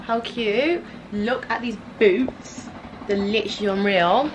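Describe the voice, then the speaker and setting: A young woman vlogging to camera in a chatty, excitable way, full of "like" fillers. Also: mid-range voice, a little slow, noisy background. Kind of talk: casual vlog chat to camera.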